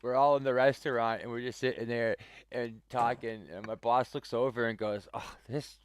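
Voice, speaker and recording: A man's voice: medium pitch, little pitch movement, a little fast, slight background noise. A man streaming a game, telling a story casually, rambling with lots of "like" fillers and chuckles. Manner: rambling, full of "like" fillers and restarts.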